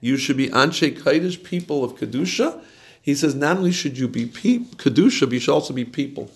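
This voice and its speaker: A man's voice: mid-range voice, lively intonation, fairly quick. A man teaching an informal Torah class in a chatty, digressive way, chuckling now and then.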